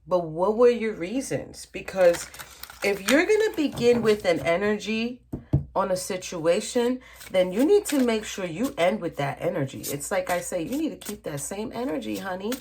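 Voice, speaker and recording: A woman's voice: medium pitch, animated, normal speed, darkish tone, a little hiss or hum. A woman tarot reader giving a casual reading at her table, talking straight to the viewer and often checking in with "okay?" and calling them "honey". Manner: chatty, addresses viewer directly, frequent "okay?" and "honey".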